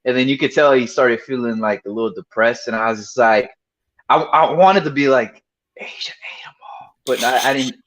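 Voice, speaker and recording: A man's voice: mid-range voice, fairly quick, fairly bright tone, poor audio. A man roasting his friends in casual, profane banter, laughing often.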